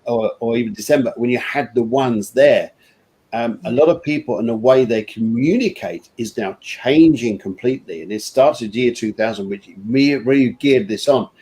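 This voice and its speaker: A man's voice: medium pitch, moderate pace, mellow. A man co-hosting an online interview, talking in a rambling, chatty way and laughing easily. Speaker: co-host. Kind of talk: casual interview chat.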